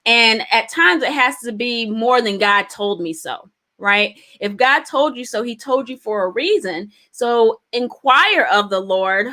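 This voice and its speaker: A middle-aged woman leads a live business lesson in a bright, fairly high voice. She talks to her viewers in an encouraging, chatty way, laughs lightly between points, and drives ideas home with repetition and rhetorical questions. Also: a little slow. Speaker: business coach.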